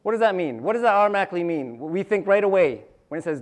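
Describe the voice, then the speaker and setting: Casting note: male preacher with a slightly high voice, folksy and chatty, asks the congregation questions. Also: lively intonation, very fast. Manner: conversational storytelling, asks the audience questions; repeats phrases, restarts sentences. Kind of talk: sermon.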